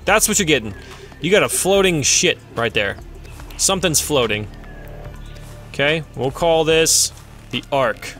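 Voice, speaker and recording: A man hosting a let's play, giving casual, excitable gameplay commentary and mocking himself when things go wrong. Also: mid-range voice. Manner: excitable, self-mocking, swears when frustrated.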